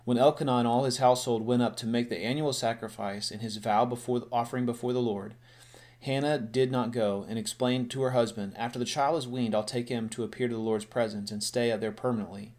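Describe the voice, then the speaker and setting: A man's voice: mid-range voice, fairly even intonation, a little fast, darkish tone. Man reading and preaching scripture. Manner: reads scripture then explains it in plain talk, with restarts.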